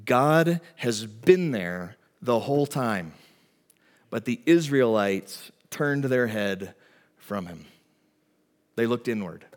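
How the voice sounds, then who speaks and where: A man preaching a sermon as pastor, swinging between loud emphatic lines and soft, quiet asides. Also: mid-range voice, lively intonation, slow pace, pauses often. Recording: long hall reverb.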